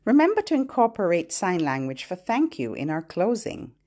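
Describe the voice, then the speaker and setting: A woman hosting a podcast for babies, singing nursery rhymes and fingerplays in a playful, sing-song way and giving parents gentle instructions. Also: lowish voice, sing-song, moderate pace, background noise.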